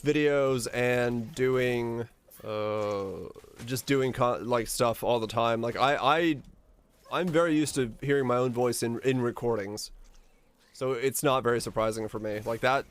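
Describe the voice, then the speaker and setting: A male streamer chatting casually with his viewers in a relaxed, rambling way, his deep voice supported from the diaphragm. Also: clean tone. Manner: rambling and relaxed, with frequent restarts.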